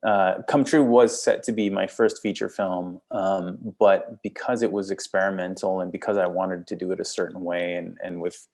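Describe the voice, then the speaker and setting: A man's voice: low voice, steady tone, normal speed, few pauses, a little mellow. A man with a Canadian accent, a film director talking casually in an interview, rambling and repeating words as he thinks. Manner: rambling, repeats words, laughs between thoughts.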